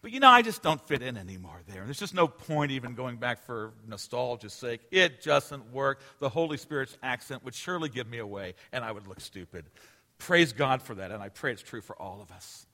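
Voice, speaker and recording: Bright-voiced preacher in a reverberant hall. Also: male voice, mid-range voice, expressive, brisk. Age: 40s. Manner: emphatic, swinging from loud to hushed. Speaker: pastor. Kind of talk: sermon. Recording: long reverb of a large hall.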